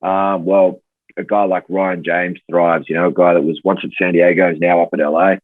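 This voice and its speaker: A man's voice: low voice, flat delivery, moderate pace, no room sound. An Australian man in his thirties, a podcast guest talking in an easygoing, casual way and laughing easily. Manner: easygoing, laughs easily, hedges with "I think" and "you know". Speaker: podcast guest, rugby player. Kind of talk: casual chat. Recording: dry tinny phone-like call audio.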